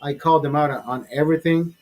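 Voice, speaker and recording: A man hosting his own vlog, telling a story in a heated, profane, animated way. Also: on the high side, quick pace, faint music behind. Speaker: show host.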